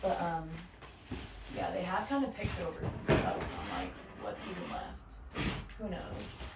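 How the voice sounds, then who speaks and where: A woman's voice: lowish voice, wildly swooping pitch, unhurried, heavy background noise. A young woman in casual livestream chat at home, swearing freely and reading out viewer comments while braiding her hair. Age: young adult. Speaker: streamer. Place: living room at home.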